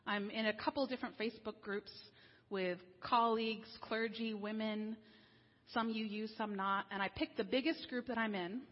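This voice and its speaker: A woman minister delivers a sermon in a breathy, slightly raised voice. Her tone is conversational and wry, and she eases into slower, weightier phrasing at the serious moments. The sound is dull and muffled, with a long reverb tail from a large hall. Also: a little high, steady tone.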